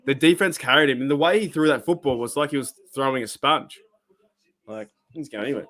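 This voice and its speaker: Hosting a live-stream reaction, this Australian-accented man rambles casually and animatedly, with plenty of swearing. He speaks a little fast in a mid-range voice.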